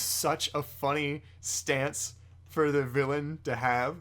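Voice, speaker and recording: A man's voice: on the high side, steady tone, slow pace, fairly bright tone. A man hosting a casual podcast chat, joking and laughing often while reading a comic aloud. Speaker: podcast host.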